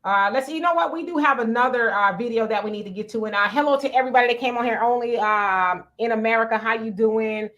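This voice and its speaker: A woman's voice: on the high side, fast, hardly any pauses, a bit bright. Casting: woman host, casual livestream chat, loose and chatty, lots of ums. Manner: chatty, many fillers and restarts.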